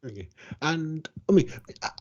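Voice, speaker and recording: Male podcast co-host, husky mid voice, eager, dull lo-fi recording. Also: a little high, animated, normal speed, darkish tone. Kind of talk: casual chat. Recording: muffled lo-fi audio.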